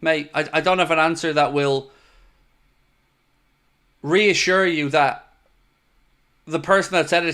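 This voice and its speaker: A man's voice: fairly high pitch, bright, forceful tone. A man hosting a live fan stream, reading viewer messages and answering them in a frustrated, emphatic way, swearing now and then. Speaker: fan channel host.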